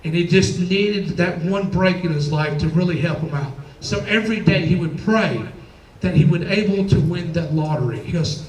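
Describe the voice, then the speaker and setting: A man's voice: high-pitched, normal speed, a bit bright, roomy sound, recorded from a distance, poor audio. A man doing a stand-up comedy set, telling chatty stories and acting out quoted voices. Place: comedy club stage.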